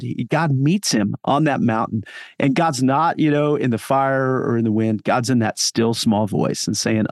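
A man's voice: medium pitch, measured pace, no echo, clean studio sound. A man speaking as a pastor guest on a podcast interview, talking in an earnest, encouraging, sermon-like way with frequent fillers.

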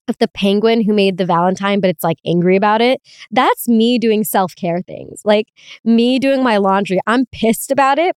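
Candid, swearing woman podcaster, smooth voice. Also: medium pitch, darkish tone, no echo, studio quality. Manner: candid, swears freely, laughs often, mock-whining asides. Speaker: podcast host. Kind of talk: casual solo podcast chat.

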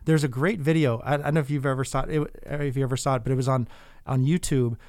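A man's voice: medium pitch, fairly even intonation, fast talker, darkish tone, dry recording. A man in casual conversation, earnestly telling stories with frequent restarts. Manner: earnest, storytelling, many restarts.

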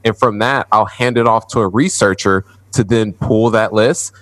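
A man's voice: lowish voice, normal speed, no echo. A man in his thirties, a guest in a casual interview, laughing easily and walking through his process step by step. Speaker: guest, apartment investor.

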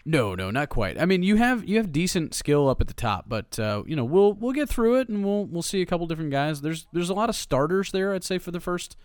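A man with a somewhat high voice co-hosts a casual sports podcast, talking in a chatty, opinionated way. His voice is dry and close to the mic. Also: big pitch swings, fairly quick, hardly any pauses, clear, resonant tone, no room sound. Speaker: podcast co-host, draft analyst.

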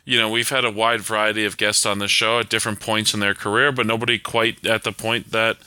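A man co-hosting a podcast, with dry jokes and easy laughs. His voice is low but very bright and sharp-edged, on a close, dead-dry mic. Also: flat delivery, fast talker, clear, resonant tone, no room sound. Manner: dry joking, laughs often. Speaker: podcast co-host. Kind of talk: casual podcast chat.

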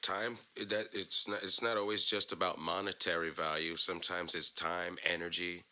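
Male podcast guest, low voice, relaxed. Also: moderate pace. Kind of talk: casual podcast chat.

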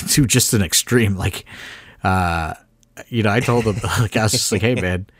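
Unhurried and slightly rough, this fairly low-pitched male voice belongs to a wrestling promoter co-hosting a podcast. His backstage tales wander casually, heavy with fillers and sprinkled with mild swearing.

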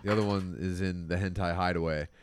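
A man co-hosting a comedy podcast, talking in a laid-back way during casual banter and shout-outs. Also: low-pitched, fairly even intonation, fast, slight background noise. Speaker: podcast co-host.

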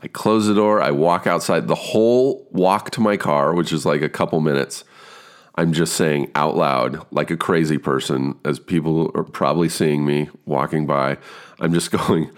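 A man's voice: very deep voice, normal speed. A man in his fifties telling a casual story about an audition, swearing freely and acting out his own stumbles. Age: 50s.

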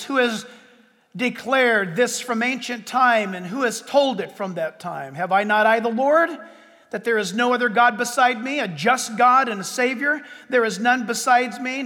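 A man preaching a sermon as pastor, with dramatic pauses and sudden loud bursts. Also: very high voice, in a large hall.

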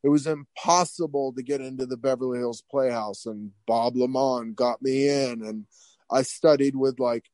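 Man, middle-aged, hairstylist guest, rambling, animated, lots of restarts, dry close-mic sound. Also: mid-range voice, moderate pace, no room sound. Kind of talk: casual interview storytelling.

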